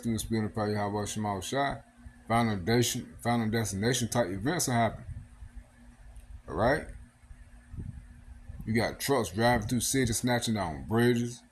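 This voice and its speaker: A man's voice: mid-range voice, slight background noise. A man giving a casual sermon, reading scripture aloud and often adding "man" and "all right". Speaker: preacher. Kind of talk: casual street-style sermon.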